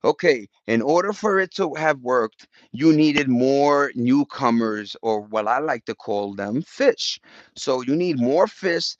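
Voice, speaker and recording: A man's voice: mid-range voice, lively intonation, unhurried, few pauses, dry recording, highs cut off. A man chatting loosely with his viewers on a live stream, slangy and profane, wandering from topic to topic. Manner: loose, profane, slangy and rambling, with frequent restarts. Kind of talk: rambling casual live chat. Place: outdoors.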